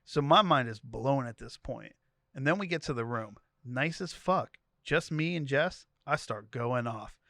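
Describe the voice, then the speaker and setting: Man, podcast co-host, animated comedic storyteller, middle pitch, dry sound. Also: unhurried, no echo. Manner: animated storytelling, voicing each character. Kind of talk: comedic dramatic reading of a story.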